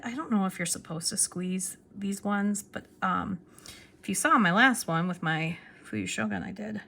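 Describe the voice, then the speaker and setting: A young woman chatting excitedly in a casual show-and-tell vlog, restarting her sentences as she goes. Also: mid-range voice, moderate pace, a little hiss or hum. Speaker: pen vlogger.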